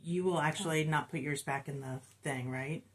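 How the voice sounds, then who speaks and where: A middle-aged woman with a low voice, chatting casually about her stitching progress. She reports her stitch counts and pokes fun at herself in an easy, homey tone. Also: normal speed, slight background noise. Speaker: co-host of a cross-stitch channel. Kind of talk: casual chat.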